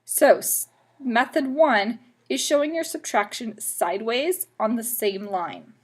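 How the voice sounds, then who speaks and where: Woman math teacher, recorded lesson, patient step-by-step explainer, a little high-pitched. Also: animated, a little slow, husky. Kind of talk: classroom math lesson video.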